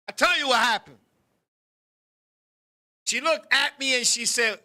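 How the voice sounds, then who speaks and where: A man co-hosting a talk show, telling a comic story in an animated, profane way and acting out scenes with sudden shouts. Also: extremely high pitch, a little slow, long pauses. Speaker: podcast co-host.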